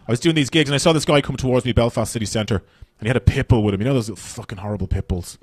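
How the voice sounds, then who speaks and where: A man's voice: mid-range voice, racing, no echo. An Irish man doing live stand-up comedy, swearing freely and rambling into banter with the crowd. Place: comedy venue stage.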